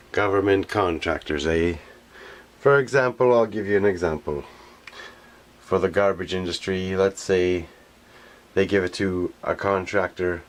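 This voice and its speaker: A garbage collector delivering an indignant, rambling monologue, repeating himself and often pausing with filler phrases as he searches for words. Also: sits low. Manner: indignant, repetitive, often pauses with "how you say".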